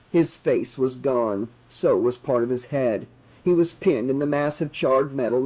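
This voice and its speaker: A man's voice: medium pitch, a little mellow, muffled recording. Man narrating a horror audiobook. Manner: measured dramatic narration. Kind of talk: unabridged horror novel reading.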